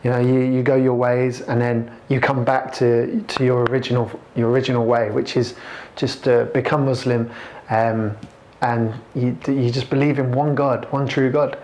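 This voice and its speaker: A man telling his own conversion story to a camera, halting and reflective, with many restarts. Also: medium pitch, level tone, a little mellow, slight background noise. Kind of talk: personal testimony to camera.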